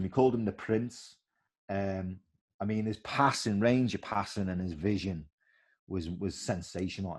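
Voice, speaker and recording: A middle-aged man, a former footballer telling animated stories in a casual interview and acting out the voices of others. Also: sits low.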